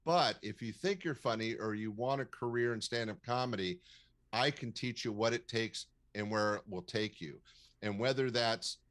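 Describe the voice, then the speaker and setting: An older man, a comedy club owner, giving advice in a measured, storytelling interview with frequent fillers. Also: mid-range voice, fairly bright tone. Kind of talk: casual interview talk, advising.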